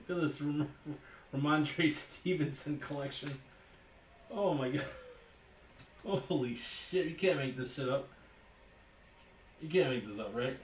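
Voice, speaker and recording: A man's voice: mid-range voice, roomy sound, recorded from a distance, slight background noise. A man hosting a live sports card break, calling out each card as he opens packs and chatting with viewers by name. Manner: calls out cards as he opens packs, jokes and talks to viewers by name.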